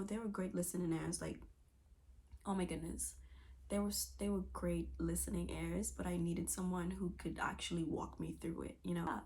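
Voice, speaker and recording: A woman's voice: lowish voice, creaky, darkish tone. A woman in her twenties giving a candid, emotional personal testimony, searching for words with many fillers and restarts. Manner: earnest and emotional. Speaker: testimony speaker.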